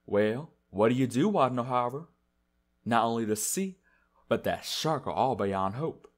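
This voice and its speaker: A man's voice: mid-range voice, lively intonation, normal speed, close to an everyday voice. A man doing smug manipulative villain. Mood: coaxing. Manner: mocking, coaxing, laughing.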